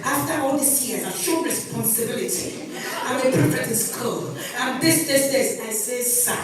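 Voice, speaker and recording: Woman speaker, high animated voice, emphatic storyteller, distant mic in an echoey hall. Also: normal speed, a crowd in the background. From Nigeria. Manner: animated, emphatic, laughing between points. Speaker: parenting speaker. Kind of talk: lively talk to an audience, telling stories. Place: conference hall.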